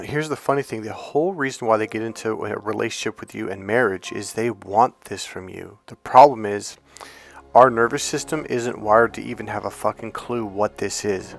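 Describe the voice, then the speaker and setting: A man coaching other men on dating and pitching his course, emphatic and profane, with frequent restarts. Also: creaky. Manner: emphatic, profane, with lots of restarts and acted-out quotes.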